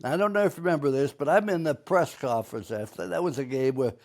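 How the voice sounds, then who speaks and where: Older coach hosting, animated storytelling. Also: male voice, a little high, fast talker. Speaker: show host, football coach. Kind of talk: podcast interview.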